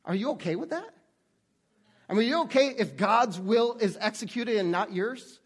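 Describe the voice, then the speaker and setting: A man's voice: sits high, lively intonation, slightly rough. A man preaching a sermon as pastor, earnest and conversational, often restarting his sentences. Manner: earnest, halting with frequent restarts.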